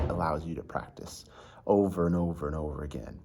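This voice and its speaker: A man's voice: low voice, quick pace, very noisy. A man giving a casual violin lesson, chatty and full of fillers, counting beats aloud and singing rhythms. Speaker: violin teacher.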